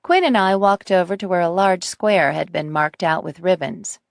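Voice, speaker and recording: A woman narrating a mystery audiobook in a measured first-person style. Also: on the low side, creaky, no echo, studio quality.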